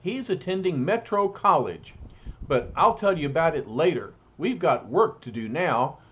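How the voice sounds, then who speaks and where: A bossy scientist hero, as a man reads him who gives quick orders. The voice has a lively, swinging pitch and a dull lo-fi sound. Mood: brisk. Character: brisk, bossy male scientist hero leader.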